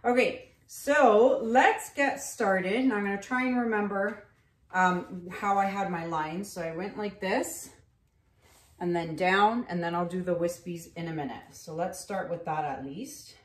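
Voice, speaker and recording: A woman in her thirties, an acrylic pour artist, chats casually while painting, rambling with fillers as she tells a story. She speaks at a measured pace in a mid-range voice, and the room sounds echoey.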